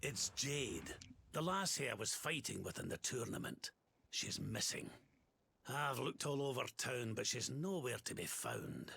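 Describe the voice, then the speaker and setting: A man voicing a kindly old male fighter in a video game, with a put-on Scottish accent and a gravelly voice. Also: medium pitch, sing-song, unhurried, bright, forceful tone, pitched below the performer's own voice, full character voice. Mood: worried.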